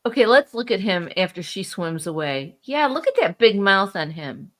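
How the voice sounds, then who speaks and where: A middle-aged woman chatting on a podcast in a calm, even-tempered way. She talks things through patiently and gently pushes back. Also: medium pitch, moderate pace. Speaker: podcast co-host, the host's mother. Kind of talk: casual chat.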